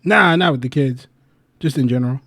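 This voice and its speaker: A man's voice: medium pitch, brisk, gravelly, no room sound. A man from the United States hosting a casual livestream chat, telling rambling stories with lots of laughs and swearing. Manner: animated storytelling, laughs a lot, swears freely; loose, rambling delivery with restarts. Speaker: livestream host.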